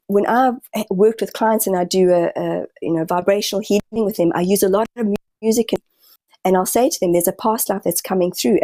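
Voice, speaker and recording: A woman speaks with a warm, mellow tone on a dry, close recording. She talks as a podcast guest and healer. Her sentences often stall and start over while she gropes for the right words. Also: fairly low pitch, no room sound. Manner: halting, searching, frequent restarts. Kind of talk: podcast conversation.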